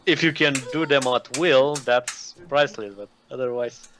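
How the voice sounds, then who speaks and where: A man with a light foreign accent, a player in a tabletop game, talking in a measured, easygoing way. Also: medium pitch, fairly bright tone, a little hiss or hum. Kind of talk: casual tabletop game chat.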